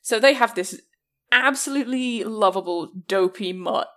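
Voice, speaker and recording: A woman's voice: fairly high pitch, normal speed. A woman co-hosting a casual podcast, telling stories with lots of animation. She jumps into little acted-out bits of dialogue as she talks. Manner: animated storyteller who acts out voices. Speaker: podcast co-host. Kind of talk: casual chat.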